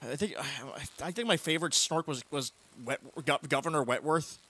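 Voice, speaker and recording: A young man chatting casually while streaming a game, playful and breaking into loud teasing shouts. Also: a little high, moderate pace. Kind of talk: casual gaming chat.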